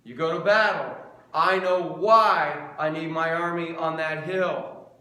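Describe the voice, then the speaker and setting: A man's voice: a little high, slow, pushed and bright. Earnest male preacher in an echoey room. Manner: earnest, repetitive preaching with rhetorical questions. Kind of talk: sermon.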